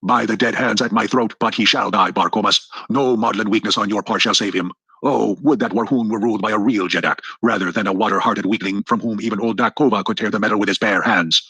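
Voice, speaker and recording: A man reading the lines of a huge, scarred male Martian warlord who speaks in a loud, menacing way. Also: on the low side, fairly even intonation, fast, breathy edge, no room sound, heavily acted.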